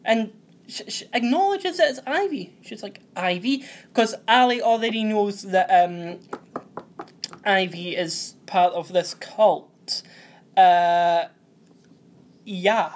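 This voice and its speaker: Slow, rambling young man. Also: high-pitched. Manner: rambling, loses track and corrects himself. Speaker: host. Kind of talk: casual TV episode recap.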